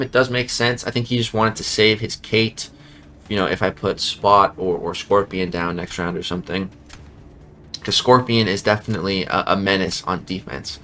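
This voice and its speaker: A man giving casual voice-over commentary on his own game matches, getting animated and exasperated and calling everyone "dude" and "bro". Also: on the low side. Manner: animated, exasperated rants at the opponent. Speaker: gaming YouTuber.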